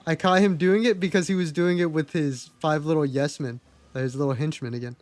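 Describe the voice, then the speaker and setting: A young man talks to his stream from a desk mic at home, chatty and candid and cursing freely as he tells stories. His voice sits a bit high for a man. The sound is close and dry, with no room echo. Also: fairly even intonation, a little fast, darkish tone. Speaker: livestreamer. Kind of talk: casual storytelling to a live chat.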